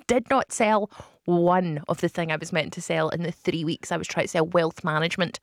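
A woman with a Glaswegian accent co-hosting a casual chat, playful and quick to laugh. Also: lowish voice, steady tone, no echo, studio quality. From Scotland. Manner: giggly, playful, often breaks into laughter. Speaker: podcast co-host.

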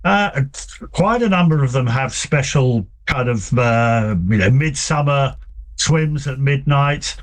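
Man, author guest, relaxed, halting, mid-pitched voice. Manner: relaxed, hesitant with many fillers, anecdotal. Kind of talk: conversational interview.

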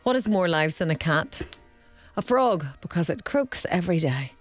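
Low-voiced woman co-host. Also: animated, moderate pace, faint music behind. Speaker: radio co-host. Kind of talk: casual radio banter.

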